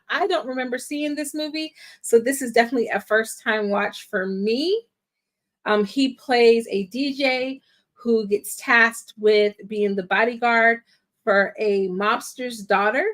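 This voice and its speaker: A woman in her thirties, a film critic and YouTuber, chatting playfully as host of a live-stream movie watch party. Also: fairly high pitch. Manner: chatty and playful, laughs and sings little rhymes. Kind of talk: casual live-stream chat.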